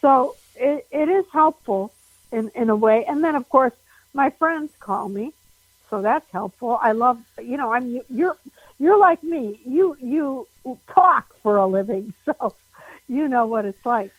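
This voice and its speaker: A woman comedian guesting on an interview over the phone, talking animatedly with frequent laughs and big pitch jumps. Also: expressive, unhurried, slightly rough, no echo, low-quality recording.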